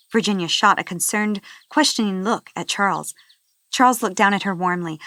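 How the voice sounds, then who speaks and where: A woman narrating a fantasy audiobook. Her scripted delivery is soft and even, settled at a middle pitch. She tells the story calmly between the characters' lines. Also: normal speed, no echo, studio quality.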